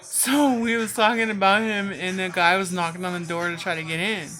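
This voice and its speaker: A woman's voice: mid-range voice, steady tone, brisk, fairly bright tone. A woman telling a storytime vlog in casual chat, swearing freely and filling her speech with "like". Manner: casual, heavy cursing, frequent "like" fillers. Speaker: vlogger.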